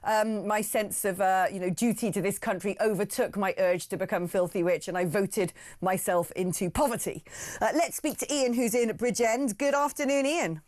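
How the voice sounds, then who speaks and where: A woman's voice: mid-range voice, moderate pace, darkish tone. Chatty, rambling woman radio host. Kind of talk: talk radio phone-in.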